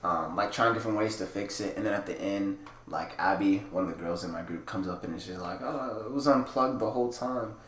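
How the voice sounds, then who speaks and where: A young man co-hosting a casual podcast, telling stories in a rambling way, full of "like" and quick laughs. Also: low-pitched, steady tone, fairly bright tone, slight background noise. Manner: rambling storytelling, heavy "like" filler, laughs often. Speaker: podcast co-host. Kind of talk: casual chat. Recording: echoey room with faint ambience.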